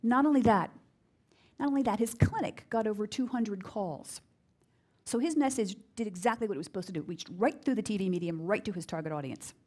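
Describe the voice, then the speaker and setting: An energetic middle-aged American woman leads a live business workshop. She talks with emphasis, circles back on key phrases and drives each point home to the room. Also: fairly quick. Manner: acts out quoted voices with big pitch jumps. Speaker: speaker giving a business workshop. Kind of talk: live workshop talk to an audience.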